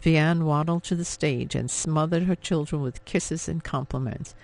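Gravelly male audiobook narrator. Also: fairly high pitch, moderate pace, a little mellow. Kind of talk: scripted narration.

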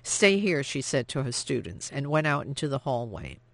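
An audiobook narrator reading a novel in a measured, even storytelling manner. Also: medium pitch, gravelly, dry recording. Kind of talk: scripted narration.

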